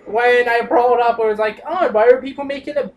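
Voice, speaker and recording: A woman's voice: a little high, brisk, dull audio. A young woman telling a work story in a casual, rambling chat. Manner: casual, rambling with side remarks. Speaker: podcast co-host.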